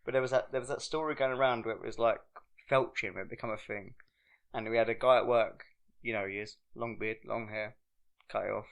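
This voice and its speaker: A man's voice: fairly low pitch, fairly even intonation, brisk, creaky, a bit bright. A young man from England, co-hosting a podcast, telling rambling stories in casual pub chat. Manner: rambling storytelling with frequent laughter. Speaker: podcast co-host.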